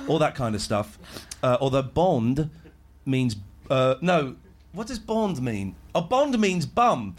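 A man's voice: medium pitch, big pitch swings, takes it slowly. A middle-aged man in casual banter, jokey and rambling, laughing often as he talks.

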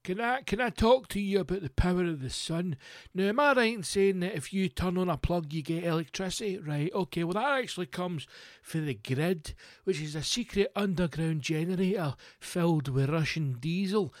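A man's voice: sits high, normal speed, no echo, clean studio sound, pitched above the performer's own voice, lightly acted. A Scottish man voicing a pushy male doorstep salesman with wheedling, salesy patter.

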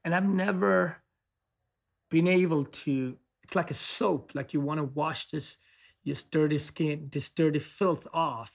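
A man's voice: fairly high pitch, steady tone, unhurried, vocal fry. A man telling a personal story in casual conversation, rambling with frequent restarts and fillers. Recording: muffled lo-fi audio.

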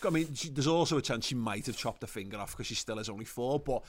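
A man's voice: medium pitch, expressive, fast talker, a little hiss or hum. A man in casual chat, wry and laid-back, often trailing off mid-sentence.

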